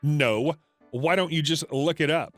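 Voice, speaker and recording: A woman's voice: lowish voice, expressive, unhurried, a bit bright, soft background music. A man voicing a rude, condescending woman customer in a plain, curt reading. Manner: curt, dismissive.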